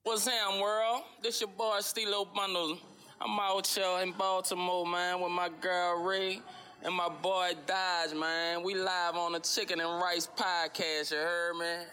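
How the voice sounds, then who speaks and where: A man's voice: high-pitched, flat delivery, measured pace, sharp tone. A man with a New Orleans accent giving a hyped-up intro drop in a drawling street style. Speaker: guest giving a recorded shout-out.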